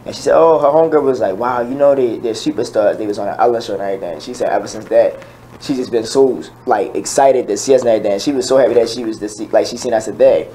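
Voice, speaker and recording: A man's voice: medium pitch, quick pace, warm tone, a little hiss or hum, rough recording. A man, a guest performer, telling a long run-on story in an earnest, plain way. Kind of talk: casual storytelling.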